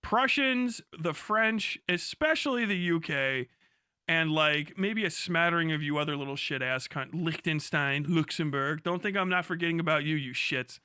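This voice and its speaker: A man's voice: a little high, moderate pace, bright, forceful tone, clear, resonant tone, no room sound, clean studio sound. A young man ranting casually and profanely to a live chat, laughing often and jumping from topic to topic. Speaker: livestreamer.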